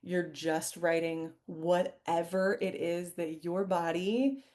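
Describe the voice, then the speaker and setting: Woman, somatic coach, lowish voice, easy laughs, live webinar over a video call. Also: steady tone, takes it slowly. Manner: warm, reflective, laughs lightly, reads chat aloud. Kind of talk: live online workshop, guided reflection.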